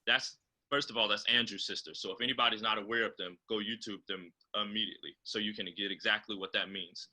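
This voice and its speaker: A man with a low voice and a very bright, forceful tone talks over a video call. He explains choir technique in an instructive way, with many ums and uhs. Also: fairly even intonation, poor audio. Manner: explains choral diction, often pausing on fillers. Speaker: composer and choral director guest.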